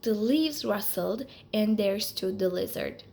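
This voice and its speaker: A woman reading a children's picture book aloud in a slow, expressive storytelling manner. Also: medium pitch, gravelly.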